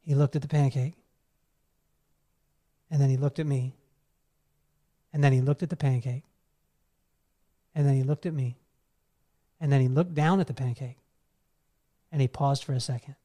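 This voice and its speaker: A man's voice: mid-range voice, fairly even intonation, normal speed, pauses often, warm tone. A man giving a live keynote talk, telling a personal story earnestly and speaking straight to his audience. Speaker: motivational speaker.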